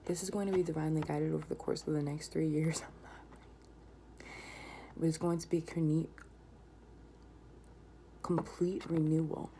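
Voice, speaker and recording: A woman giving a tarot reading, often dropping into a whisper and breaking into excited exclamations. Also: low-pitched, a little slow, pauses often. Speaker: tarot reader. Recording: noisy home recording.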